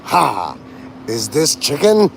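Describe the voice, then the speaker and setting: A man putting on an impression of a gruff older male film star who punctuates lines with a sharp barking "Ha!". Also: mid-range voice, wildly swooping pitch, takes it slowly, slight background noise, full character voice.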